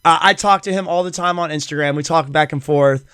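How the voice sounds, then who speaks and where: A man's voice: fairly high pitch, fairly quick, fairly bright tone, clear, resonant tone, dry recording, studio quality. A middle-aged man hosting a casual solo podcast, rambling enthusiastically with many fillers. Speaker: podcast host.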